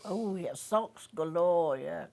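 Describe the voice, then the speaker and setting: An older woman from Northern England, an actress, telling stories from her career in an animated conversation and laughing often. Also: lowish voice, slow, creaky. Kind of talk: reminiscing conversation.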